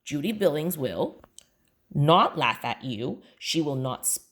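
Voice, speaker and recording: A woman's voice: low voice, sing-song, a little slow, fairly bright tone, full character voice. A woman doing a dry, teasing storybook mom. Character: calm teasing mother, middle-aged. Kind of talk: children's book read aloud.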